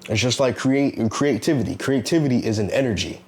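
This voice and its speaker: A man's voice: mid-range voice, fairly quick. A man giving a casual motivational talk, earnest and preachy, repeating himself and asking rhetorical questions. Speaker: self-help vlogger.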